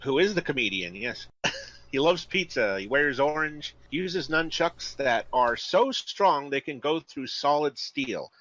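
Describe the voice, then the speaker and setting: A man's voice: a little high, expressive, a little slow, a bit bright. Dry-witted man on muffled audio. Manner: dry, lists facts with dry jokes. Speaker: podcast co-host. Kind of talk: casual chat. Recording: dull lo-fi audio.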